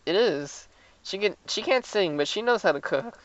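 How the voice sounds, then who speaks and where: A woman's voice: mid-range voice, lively intonation, moderate pace, dry recording. A woman reading a visual novel aloud for a let's-play, sometimes tripping over her lines and making fun of herself. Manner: self-mocking, stumbles over lines. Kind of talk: reading game dialogue aloud with commentary. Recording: dull lo-fi.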